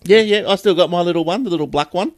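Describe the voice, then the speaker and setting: Animated Australian man telling stories. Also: sits high, fast talker, no room sound, clean studio sound. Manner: animated storyteller, acts out voices, laughs often. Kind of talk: casual chat.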